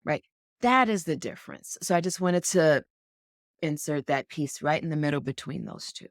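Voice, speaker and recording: A woman's voice: deep voice, expressive, normal speed, no room sound, clean studio sound. A woman co-hosting a sports podcast, talking in an earnest, encouraging, coach-like way. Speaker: podcast co-host. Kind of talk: casual podcast chat. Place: indoors, podcast recording.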